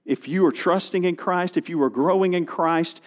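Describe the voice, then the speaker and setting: A man's voice: high voice, normal speed. A middle-aged male pastor preaching a sermon, reading scripture and animating his stories with quoted voices.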